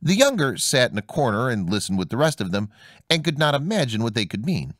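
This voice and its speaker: A man reading a fairy tale aloud in a measured, expressive way as storyteller. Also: medium pitch, no room sound, studio quality. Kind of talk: scripted fairy-tale narration.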